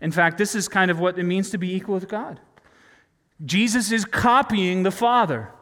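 A man delivers a sermon in a conversational, questioning manner, often putting rhetorical questions to his listeners. His voice sits fairly high for a man. A long reverb trails behind him in a large hall. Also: normal speed, a bit bright. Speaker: preacher.

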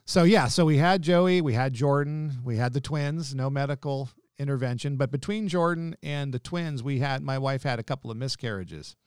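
A man's voice: medium pitch, moderate pace, hardly any pauses, darkish tone, smooth, no room sound, clean studio sound. A man, guest director of a ministry, telling personal family stories in a heartfelt, emotional conversation, often repeating and restarting his words.

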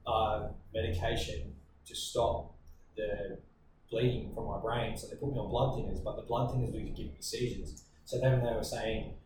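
A man's voice: fairly low pitch, flat delivery. Young Australian man in an echoey room. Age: 20s. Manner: earnest, reflective, speaks in halting bursts. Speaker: podcast guest. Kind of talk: personal storytelling in conversation. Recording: very echoey room, distant mic, ambient noise.

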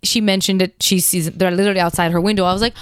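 A woman's voice: lowish voice, steady tone, very fast, smooth, no echo. Casual young female co-host, giggly and rambling, dry recording. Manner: giggly, many fillers. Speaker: podcast co-host. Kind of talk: casual chat.

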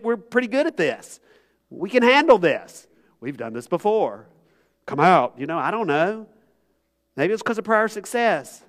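A man's voice: high-pitched, fairly bright tone. A man, preaching an earnest, conversational sermon to a congregation in a church. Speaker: pastor. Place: church sanctuary.

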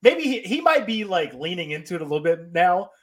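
A man hosts a sports podcast in a slightly higher voice. He talks in a loose, conversational way and moves easily from one point to the next. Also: sing-song, brisk. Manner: loose and conversational, many fillers and restarts. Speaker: podcast host. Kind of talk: casual sports-tech chat.

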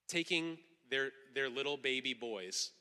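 A man preaching a sermon in an animated way, acting out quoted voices for emphasis. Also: mid-range voice, a little slow, clear, resonant tone, in a large hall. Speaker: pastor.

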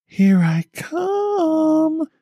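Male narrator doing a creepy ghost girl turning into a growling demon, mocking, drawn-out horror story voice. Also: very high voice, huge pitch swings, dark tone, no room sound, highs cut off, pitched above the performer's own voice, full character voice. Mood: taunting. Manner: taunting, mocking, slow and drawn out.

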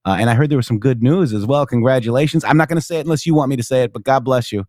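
A man hosting a casual political talk show, reading news aloud in a high, animated voice and dropping low and mumbly when thanking viewers. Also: rapid-fire, no echo, studio quality. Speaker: show host.

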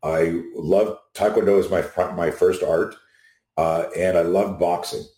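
A middle-aged man, a self-defense instructor guesting on a video call, telling animated stories and acting out the people he quotes. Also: low voice, measured pace. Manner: animated anecdotes, acts out quotes. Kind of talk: storytelling in an interview. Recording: echoey room.

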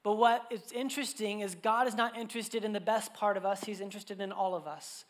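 A man in his thirties preaching a sermon to a church congregation, telling family stories in a casual, animated way full of fillers. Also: high voice, a little fast. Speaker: pastor.

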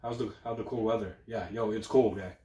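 A man's voice: lowish voice, steady tone, moderate pace, mellow, echoey room. A Canadian man co-hosting a podcast, telling loose, profane stories full of slang in casual chat. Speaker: podcast co-host.

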